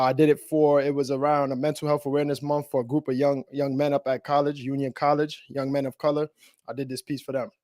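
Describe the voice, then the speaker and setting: A man's voice: fairly high pitch, darkish tone, dry recording, studio quality. A man performing a rhyming spoken word poem at a virtual open mic, with a rhythmic delivery. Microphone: video call.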